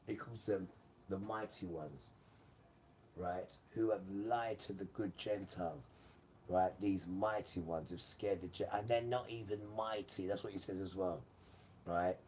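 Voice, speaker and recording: A man's voice: low-pitched, fairly even intonation, a little slow, a little mellow. A man giving a rambling, emphatic live-stream monologue, often turning to his audience. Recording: distant mic with faint room noise.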